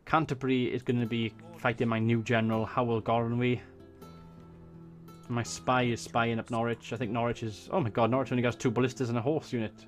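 A man's voice: mid-range voice, level tone, brisk, soft background music. A Welsh man casually thinking aloud as he commentates a strategy game, swearing when surprised. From Wales. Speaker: gaming YouTuber. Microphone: desk USB microphone.

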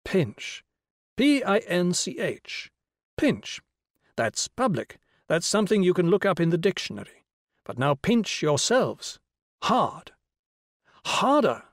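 A patient young teacher , as read by a man, talks a class through an idea, with brisk explanations and a light, raised voice. Each point lands with a questioning lift. The voice is dry and close. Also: fairly high pitch, very animated, no room sound, voice pushed up. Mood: lecturing. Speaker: schoolteacher. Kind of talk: audiobook character reading.

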